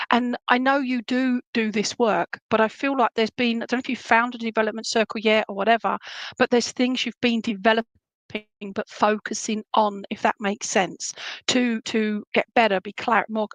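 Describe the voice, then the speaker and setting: A fairly high-voiced woman talks straight to one viewer in a live reading. She rambles on, calls them "my lovely" and keeps checking whether it makes sense. The sound is dry and close to the mic. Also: no room sound, rough recording. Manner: warm endearments, rambling, frequent "would that make sense?" check-ins. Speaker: psychic medium giving a live reading.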